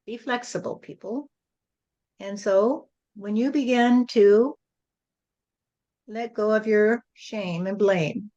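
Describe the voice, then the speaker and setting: A woman's voice: mid-range voice, darkish tone, lo-fi sound. A woman channeling a spirit who gives a preachy spiritual lesson to a group and often repeats "you see".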